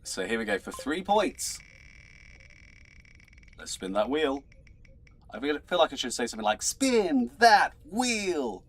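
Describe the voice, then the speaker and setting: A man's voice: medium pitch, big pitch swings, normal speed, long pauses, a bit bright. A man hosting an online trivia show as quizmaster, chatty, laughing often and tripping over his words. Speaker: quizmaster host.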